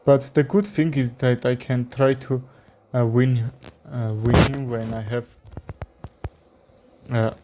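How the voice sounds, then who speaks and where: A man from Armenia with an Armenian accent, a chess streamer commenting live in halting English with many fillers. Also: medium pitch, fairly even intonation, warm tone.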